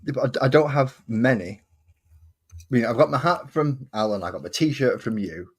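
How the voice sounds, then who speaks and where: A man's voice: mid-range voice, expressive, moderate pace, breathy edge. A man hosting a casual livestream while he crafts, rambling and correcting himself as he talks. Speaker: livestream host.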